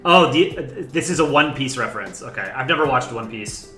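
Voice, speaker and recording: A man casually commenting on fan art during a live stream, relaxed and rambling with lots of fillers. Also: medium pitch, normal speed, roomy sound, soft background music.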